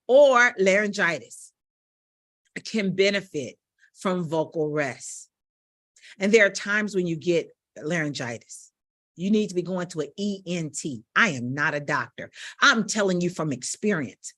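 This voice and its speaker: A woman's voice: mid-range voice, fairly bright tone. A middle-aged woman vocal coach, teaching with emotion and repeating phrases for emphasis. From Gary, Indiana, USA.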